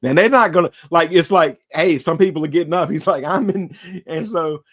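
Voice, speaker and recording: A man co-hosting a casual movie-discussion podcast, telling animated stories and acting out the characters' voices. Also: fairly high pitch, a little fast. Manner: animated storyteller, acts out voices. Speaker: podcast co-host.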